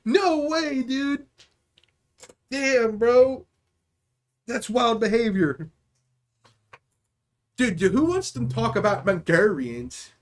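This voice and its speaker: A man's voice: very high voice, lively intonation, takes it slowly, long pauses. A young man hosting a livestream, telling a rambling, profane story in casual chat, often checking in with "okay?". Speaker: livestream host.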